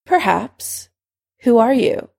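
A woman voicing an old male headmaster wizard who speaks in a measured, dry, quietly pressing way. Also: fairly high pitch, lively intonation, creaky, voice pushed up, full character voice. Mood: probing.

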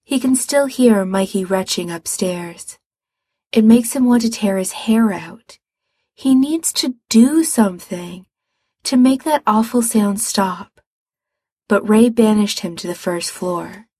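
A woman reading fiction aloud in a calm, measured way. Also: medium pitch, slightly rough, no room sound, clean studio sound. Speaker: reader.

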